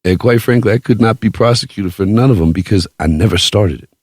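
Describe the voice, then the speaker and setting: A man hosting a podcast, telling a story in casual chat with a profane, boastful, animated way of talking. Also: lowish voice, fast talker, slightly rough, no echo, clean studio sound. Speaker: podcast host.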